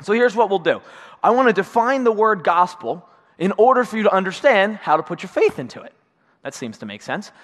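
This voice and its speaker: A man's voice: high-pitched, sing-song, a little fast, in a large hall. A man preaching a sermon in a church, talking conversationally and often checking in with his listeners. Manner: conversational, acts out quotes, checks in with "right?". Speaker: pastor. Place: church sanctuary.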